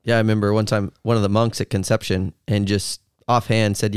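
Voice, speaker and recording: A man telling stories in a conversation about prayer, quick and lively. His voice is low and smooth, and he talks fast. The sound is dry and close. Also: no room sound. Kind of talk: casual faith discussion.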